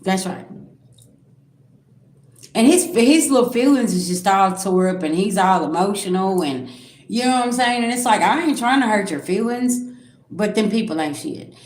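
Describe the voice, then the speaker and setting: A woman's voice: mid-range voice, lively intonation, normal speed, a little mellow, echoey room. A woman, giving a blunt, profane psychic reading on a live stream and talking straight to viewers. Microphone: own microphone.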